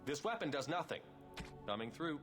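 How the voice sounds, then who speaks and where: A man's voice: on the high side, very animated, moderate pace, fairly bright tone. An actor playing a polite, composed male elf mage hero in a video game, speaking short formal remarks. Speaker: game character. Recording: game audio with long reverb and music.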